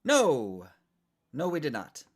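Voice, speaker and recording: Hosting a trivia podcast of his own, this man delivers a comedic solo monologue in a fairly high voice with huge swings in pitch and a slow pace. He's playful and theatrical, bouncing from cheerful energy to mock-sheepish side comments.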